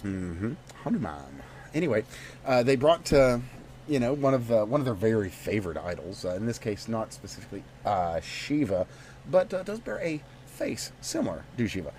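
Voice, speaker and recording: A man hosting a casual podcast, telling stories in a lively, jokey way. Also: on the low side, normal speed, slight background noise. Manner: lively, jokey, animated storytelling. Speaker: podcast host.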